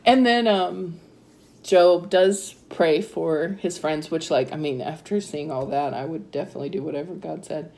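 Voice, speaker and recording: A woman in her thirties with a slightly low-pitched voice shares her own story. She talks in a chatty way, fills her sentences with "like" and laughs often. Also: normal speed, vocal fry, mellow. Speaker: interviewee sharing her story. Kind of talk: personal storytelling.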